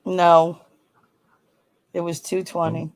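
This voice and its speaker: A woman's voice: on the low side, monotone, slow pace, low-quality recording. A woman chatting casually on a stream, plain-spoken and laughing easily. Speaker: stream participant. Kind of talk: casual chat.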